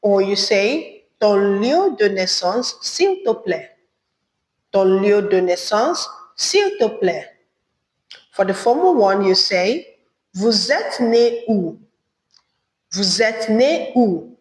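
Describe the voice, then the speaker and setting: A woman teaching a beginner French lesson, saying each phrase slowly and then repeating it. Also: mid-range voice, sing-song. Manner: slow, careful repetition of phrases. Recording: echoey room with long reverb.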